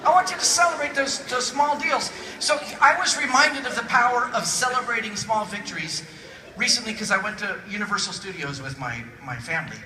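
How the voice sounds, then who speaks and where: A man giving a humorous motivational keynote to a conference audience, jokey and animated, acting out little voices. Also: high-pitched, brisk. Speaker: keynote speaker. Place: large conference hall with audience. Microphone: phone recording from the audience. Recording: distant phone recording in echoey hall. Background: audience laughter and crowd noise.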